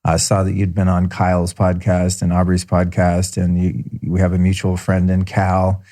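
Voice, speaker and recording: Low, mellow-voiced enthusiastic male podcast host. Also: completely flat delivery, moderate pace. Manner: effusive, enthusiastic. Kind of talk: podcast intro and interview.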